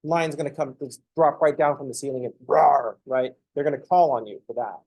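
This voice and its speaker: A man's voice: mid-range voice, fairly quick, a little mellow, husky, no echo. A man, a math professor, lecturing a class in a joking, conversational way. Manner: joking, conversational, acts out students' thinking noises.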